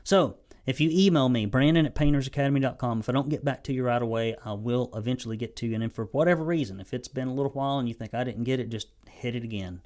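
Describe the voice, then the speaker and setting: A man's voice: medium pitch, fast talker, hardly any pauses, darkish tone. Blunt folksy Southern man coaching. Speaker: painting business sales coach. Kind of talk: training talk to camera.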